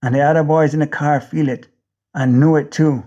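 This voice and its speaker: A man's voice: a little high, fairly even intonation, moderate pace, mellow, dull audio. A man with a Jamaican accent narrating an audiobook in the first person, intense and rhythmic, with driving repetition.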